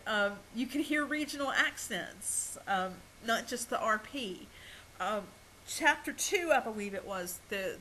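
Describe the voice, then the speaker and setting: A woman's voice: a little high, bright, forceful tone, slight background noise, poor audio. Hesitant woman lecturer with frequent ums. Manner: hesitant, many ums and restarts, laughs at herself. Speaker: college lecturer. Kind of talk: recorded video lecture.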